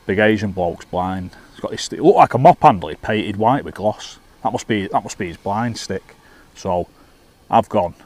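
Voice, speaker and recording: A man, telling an animated, sweary anecdote casually while out fishing, laughing and restarting often. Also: fairly low pitch. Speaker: fishing vlogger and bus driver. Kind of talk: casual storytelling to camera. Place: outdoors at a fishing lake.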